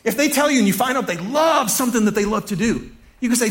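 A pastor giving a casual sermon to his congregation, animated, chuckling often and repeating key phrases. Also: extremely high pitch, fast talker.

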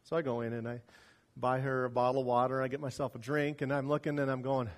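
A pastor delivering a sermon, telling a personal story with wide swings between loud emphasis and quiet asides. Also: male voice, medium pitch, level tone, fast.

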